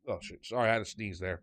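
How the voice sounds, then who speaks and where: A man's voice: lowish voice, gravelly, darkish tone, dry recording. Sarcastic man rambling through a show recap. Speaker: podcast host. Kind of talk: casual review chat.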